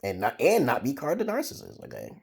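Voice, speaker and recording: Man from Brooklyn, husky, wildly swooping pitch, profane giggly comic rambling vlog. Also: wildly swooping pitch, fast talker. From Brooklyn, New York, USA. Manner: profane, giggly, jumps into loud high squeals. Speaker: vlogger. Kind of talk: comedic rambling monologue.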